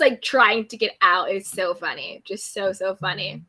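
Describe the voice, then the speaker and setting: A woman's voice: on the high side, normal speed, hardly any pauses, a bit bright. A woman hosting a casual live chat, reading viewer comments aloud and answering them. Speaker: YouTube recap host reading live chat.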